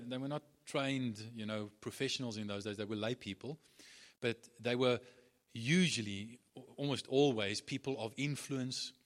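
Guy preaching a sermon, repeats his points a lot, lots of ums and restarts, normal mid pitch. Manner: emphatic repetition, frequent restarts and fillers. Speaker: pastor.

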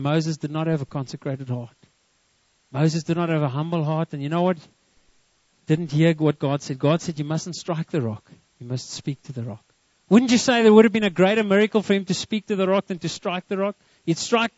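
A man's voice: fairly high pitch, no echo, highs cut off. A man preaching a sermon to a congregation, often stopping to ask them questions. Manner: lively, asks the congregation questions. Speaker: pastor.

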